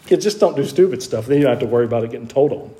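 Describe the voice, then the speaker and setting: A man's voice: mid-range voice, lively intonation, racing, warm tone. A middle-aged male pastor telling his own conversion story in a sermon, folksy and earnest, sometimes repeating words as he presses a point.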